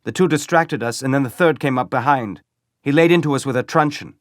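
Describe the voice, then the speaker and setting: A man voicing crude, boastful stormtroopers in an audiobook, loud and blustering. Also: mid-range voice, brisk, no room sound, clean studio sound, pitched above the performer's own voice, natural voice.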